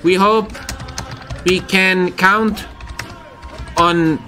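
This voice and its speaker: A man's voice: high voice, steady tone, very slow, sharp tone, soft background music. A man streaming a strategy game, joking crudely and swearing often. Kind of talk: live game stream commentary.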